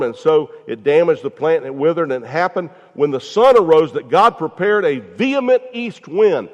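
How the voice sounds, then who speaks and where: A man preaching a sermon in a folksy, conversational way, talking straight to his congregation with frequent asides. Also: mid-range voice. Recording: echoey hall, dull lo-fi sound.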